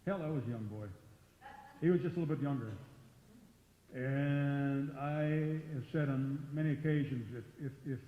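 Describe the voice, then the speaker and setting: A man's voice: medium pitch, moderate pace. An older man, a former wrestler, telling blunt, profane stories to a live audience. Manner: gruff, profane, outspoken. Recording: roomy hall, muffled sound.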